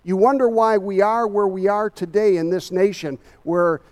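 A man's voice: sits high, fairly even intonation, normal speed, a little mellow. A man giving a Bible study sermon, emphatic and a little out of breath, often asking his listeners rhetorical questions.

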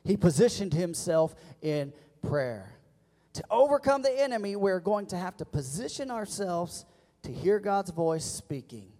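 A man preaching a sermon as pastor, leading the congregation in call-and-response and building to loud emphatic peaks. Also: sits high, sing-song, a little slow. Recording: long church reverb.

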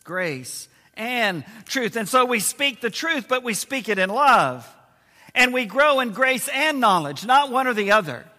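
A man preaching a sermon as pastor, slowing down to stress key words and letting his voice fall low and quiet at times. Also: expressive. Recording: long hall reverb.

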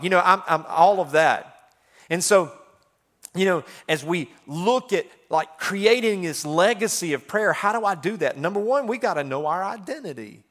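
A middle-aged man preaching a sermon in a chatty style full of fillers, swinging between loud passages and hushed ones. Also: sits high, animated, moderate pace.

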